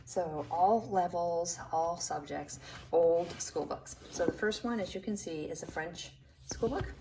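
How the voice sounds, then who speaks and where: A woman's voice: on the low side, unhurried, gravelly, warm tone, distant mic, a little hiss or hum, rough recording. A woman who sells vintage books, showing them one by one in a casual, chatty way and gushing over the illustrations. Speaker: vintage book seller. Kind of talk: casual show-and-tell.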